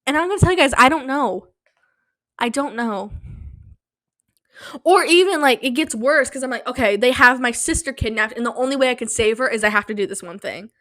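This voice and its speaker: A young woman hosting her own casual podcast, hyper and rambling, sleep-deprived and slap-happy, with a slightly sore throat from yelling. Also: a little high, fairly quick, no echo. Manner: hyper, rambling, self-mocking. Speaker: podcast host. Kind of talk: casual solo podcast chat. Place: small home studio. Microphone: studio mic, close.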